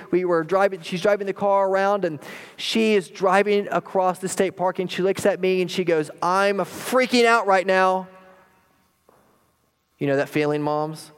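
Animated, fairly high-voiced male pastor. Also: clear, resonant tone. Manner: animated storytelling, wry and self-deprecating; slow, deliberate scripture reading. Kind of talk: sermon with a personal story.

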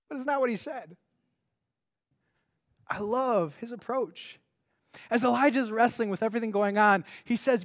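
A man preaching a sermon in an animated, conversational way, with many restarts and rhetorical questions. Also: extremely high pitch, a little slow, long pauses. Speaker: pastor.

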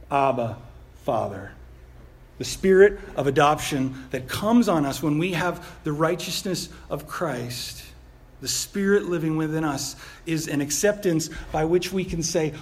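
Animated man preaching a conversational sermon. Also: a little high. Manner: conversational, animated preaching with frequent rhetorical "right?"; self-deprecating humor. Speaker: pastor.

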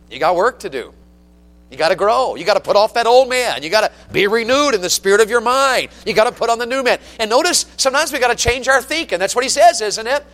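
A man in his forties preaches to a church congregation. His voice sits high for a man and rises and falls a lot. He keeps putting questions to his listeners. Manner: animated, asks the congregation questions. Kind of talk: sermon. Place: church sanctuary.

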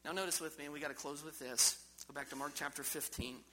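A man's voice: fairly high pitch, steady tone, fast talker, sharp tone, slight background noise, low-quality recording. A man preaching a sermon in a church service, emphatic and full of rhetorical questions to the congregation. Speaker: pastor.

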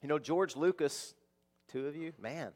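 A man's voice: on the high side, measured pace, a little mellow, long reverb tail. A male pastor preaching a conversational sermon, asking the congregation rhetorical questions.

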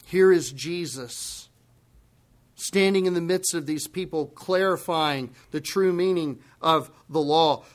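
A man preaching a sermon as a pastor, speaking with passion and swinging between loud emphatic declarations and hushed, grave asides. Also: on the high side, takes it slowly.

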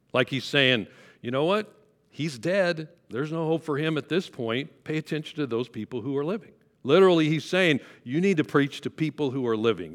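A man preaching a sermon in a loose, conversational way, leaning on rhetorical questions to draw his listeners in. His voice sits at an ordinary middle pitch, and the sound carries a long reverb like a church sanctuary. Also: fairly bright tone. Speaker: pastor.

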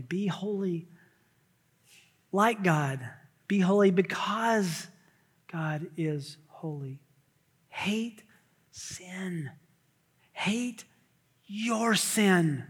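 A male pastor preaching a sermon, swinging from loud repeated shouts to hushed near-whispers. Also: high voice, in a large hall.

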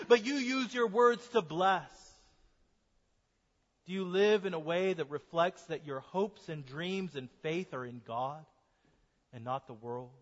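A man's voice: sits high, a bit bright. An American man, a pastor, preaching an earnest sermon to his congregation in a church. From United States. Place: church sanctuary. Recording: dull sound with long hall reverb.

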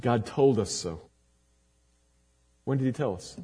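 Male pastor, dramatic sermon delivery, husky mellow voice, church with long reverb. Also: expressive, takes it slowly. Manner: dramatic preaching with sharp swings from loud emphasis to low, quiet lines.

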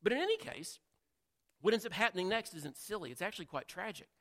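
Very animated and fast, a man with a high, slightly bright voice delivers a sermon as if talking with the crowd, asking them questions and acting out the quotes. The recording has the long reverb of a large hall.

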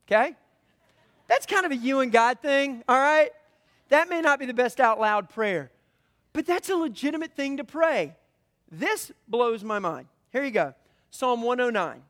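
A man preaching a sermon in a conversational way, swinging between loud emphatic lines and hushed, quiet ones. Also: extremely high pitch, big-room sound. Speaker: pastor.

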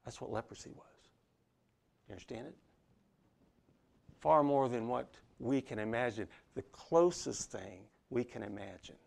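A pastor preaching a sermon, swinging from hushed, intimate lines to loud, emphatic ones. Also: male voice, fairly low pitch, vocal fry, slightly rough.

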